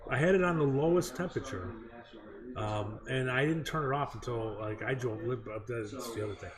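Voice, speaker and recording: A man co-hosting a podcast, telling stories in a relaxed, rambling way with many fillers. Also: medium pitch, a little fast, a crowd in the background. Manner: easygoing, rambling, lots of fillers. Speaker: podcast co-host. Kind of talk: casual chat, storytelling.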